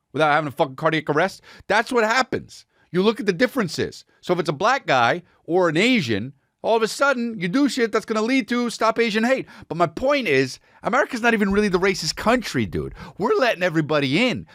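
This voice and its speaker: A male podcast host riffs in an animated, swearing rant with a mid-range voice. His pitch jumps all over as he talks, and the sound is close and dry with no room in it. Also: fairly quick, few pauses, dry recording. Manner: profane, riffing, says dude a lot. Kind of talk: casual comedic rant.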